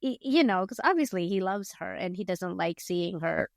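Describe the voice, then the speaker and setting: A woman's voice: on the low side, expressive, moderate pace, creaky, no room sound, clean studio sound. Chatty woman podcast co-host rambling. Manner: rambling, filler-heavy retelling; acts out characters' lines in quotes. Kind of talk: casual book review chat.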